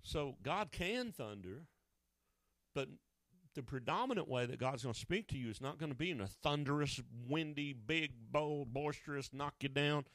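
A man preaching a sermon, swinging between loud emphatic lines and hushed asides. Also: mid-range voice, expressive, moderate pace, no echo, clean studio sound.

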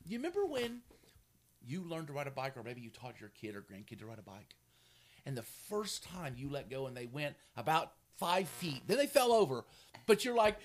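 Male preacher, animated storyteller, lots of pitch movement. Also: moderate pace. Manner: animated storytelling, laughing, acting out quotes. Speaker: pastor. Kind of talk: sermon.

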